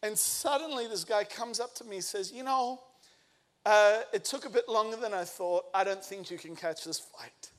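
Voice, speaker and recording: Energetic male pastor telling a story. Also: high-pitched, moderate pace. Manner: energetic storytelling, acts out quotes. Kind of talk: sermon with personal story.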